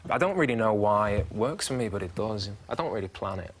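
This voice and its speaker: A man talks fast and low as a talk-show guest. He tells his stories in a lively, chuckling way. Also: slight background noise. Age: 30s. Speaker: actor guest. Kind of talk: casual talk-show interview.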